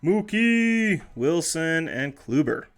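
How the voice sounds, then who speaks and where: A streamer opening trading card packs talks in a fairly high, sing-song voice at a slow pace, with faint music behind him. Chatting casually on his live stream, he reads names aloud, jokes, and corrects himself as he goes.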